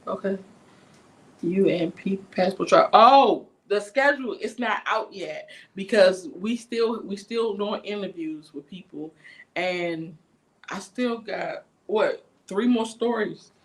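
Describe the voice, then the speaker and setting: Animated, profane D.C. woman. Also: medium pitch, a little slow. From Washington, D.C. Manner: animated, profane, acts out quotes. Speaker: livestream host. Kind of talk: casual livestream chat, storytelling.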